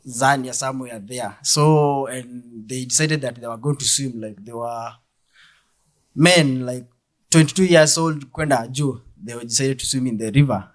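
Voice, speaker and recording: A young Kenyan man with a Kenyan accent performing a deadpan stand-up comedy set, mixing English and Swahili. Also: mid-range voice, normal speed.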